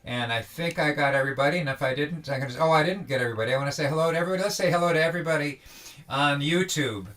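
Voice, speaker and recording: A man hosting a daily online singalong, greeting viewers by name in casual, halting talk with many restarts over a video call. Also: on the high side, fairly bright tone. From Vermont.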